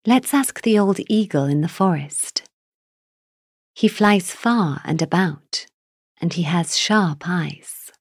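A woman's voice: on the low side, lively intonation, takes it slowly, slightly rough, no room sound, studio quality, full character voice. A woman voicing a resourceful young female elf with an urgent, practical manner.

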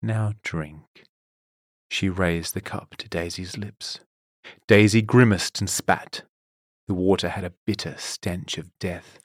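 A man narrating a children's fantasy storybook in a steady, measured way. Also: sits low, dry recording, clean studio sound. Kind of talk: storybook reading.

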